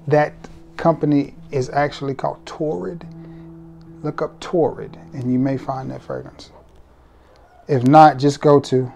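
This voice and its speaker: A man's voice: mid-range voice, gravelly, mellow. A man hosting a casual fragrance review vlog, talking straight to viewers in a laid-back, joking, colloquial way.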